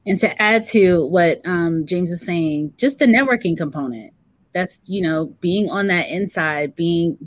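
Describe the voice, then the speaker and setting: A woman's voice: fairly low pitch, a little mellow, no echo. Woman host in dry, close sound. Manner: conversational, adds to co-host's points. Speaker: show host reading viewer comments. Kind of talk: live career-advice chat.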